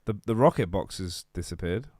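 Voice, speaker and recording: A man's voice: sits low, expressive, a little fast, a little mellow, no room sound, studio quality. A man co-hosting a live stream, chatting casually and dropping in short joking remarks. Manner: brief, joking interjections. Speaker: stream co-host.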